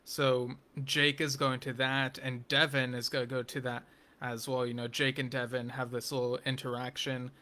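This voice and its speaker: A man's voice: medium pitch, little pitch movement, normal speed, pushed and bright. A man giving a casual spoken review of a TV episode, rambling with frequent ums and restarts and dropping wry, geeky asides.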